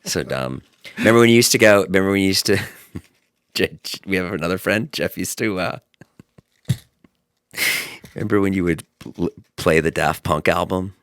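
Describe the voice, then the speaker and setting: A man hosting a podcast, telling stories in a casual chat, animated and swearing freely. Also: low voice, moderate pace, pauses often, no echo, clean studio sound. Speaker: podcast host.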